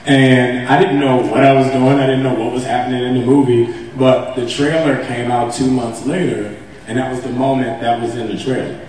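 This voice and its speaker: A man's voice: mid-range voice, moderate pace. Laughing man telling stories in an echoey hall. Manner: animated, laughing, acts out quotes with a raised voice. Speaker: actor on a convention stage panel. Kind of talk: casual storytelling on stage. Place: large convention hall. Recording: echoey hall, mic heard from a distance.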